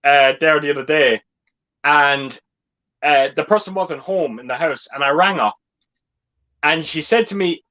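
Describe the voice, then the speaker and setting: A man's voice: on the high side, a little slow, long pauses, pushed and bright, muffled recording. A man hosting a casual group chat, telling stories with lots of swearing and laughter. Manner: swearing storyteller, laughs often. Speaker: host.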